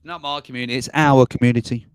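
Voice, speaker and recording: A man's voice: medium pitch, steady tone, fast, clean tone, dry recording. A man hosting a casual livestream, rambling and chuckling as he reads out viewer comments. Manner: chuckling, rambling, self-mocking. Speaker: livestream host.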